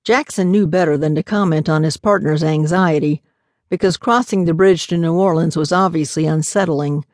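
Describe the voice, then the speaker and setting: Low-voiced woman narrating an audiobook. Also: normal speed, a little mellow, dry recording, clean studio sound. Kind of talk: scripted narration.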